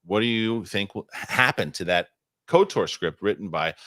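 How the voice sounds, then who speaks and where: A middle-aged man hosting a casual podcast, rambling and excitable as he chats and reads ads. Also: fairly low pitch, moderate pace, dry recording, studio quality. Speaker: podcast host. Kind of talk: casual chat and live ad reads.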